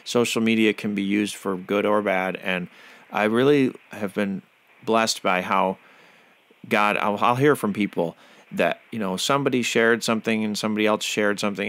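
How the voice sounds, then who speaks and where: A man's voice: lowish voice, fairly bright tone, smooth. A man hosting a podcast interview, who talks in a fervent, preachy way and often uses religious phrases. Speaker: podcast host.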